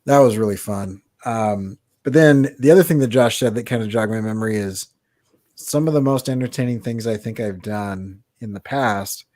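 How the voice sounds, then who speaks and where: A middle-aged man co-hosting an art podcast, telling stories in a lively way and laughing often. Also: lowish voice, moderate pace, dry recording. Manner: animated storytelling, laughs often. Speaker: podcast co-host, artist. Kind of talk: casual chat.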